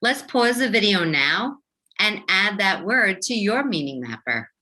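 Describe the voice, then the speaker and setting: A woman teacher leading a young children's phonics lesson, speaking slowly and enunciating each sound clearly. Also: medium pitch, very animated, bright, forceful tone. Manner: slow, clearly enunciated, sing-song teacher voice.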